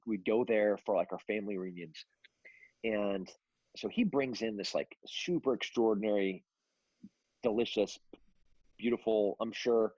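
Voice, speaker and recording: A man's voice: fairly low pitch, a little mellow, slightly rough, dry recording, lo-fi sound. A middle-aged man from California telling long family stories in a casual interview, rambling with many fillers and restarts. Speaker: guest.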